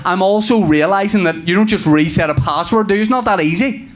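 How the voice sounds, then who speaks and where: A man in his thirties performs stand-up comedy, his voice sitting a little higher than most men's. He tells his story in a lively, animated way, swears freely and acts out both sides of conversations. A faint hiss of noise runs underneath. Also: fairly quick. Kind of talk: stand-up routine.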